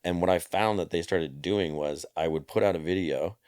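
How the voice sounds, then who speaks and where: Very deep-voiced man chatting casually. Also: normal speed, a little mellow, dry recording, clean studio sound. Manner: loose, rambling, lots of fillers, swears and laughs easily. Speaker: podcast guest, entertainer and skier. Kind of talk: casual interview chat.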